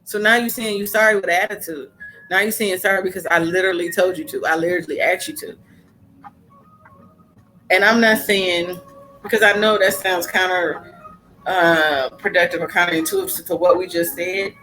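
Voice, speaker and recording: A woman's voice: fairly low pitch, fairly even intonation, moderate pace, bright, forceful tone, soft background music, poor audio. A woman hosting a casual podcast, talking emphatically and repeating her points for stress. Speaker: podcast host.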